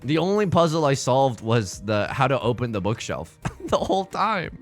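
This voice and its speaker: A man's voice: mid-range voice, sing-song, normal speed, soft background music. A young man streaming live, telling a rambling, self-mocking story with frequent laughs while he plays a game. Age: young adult.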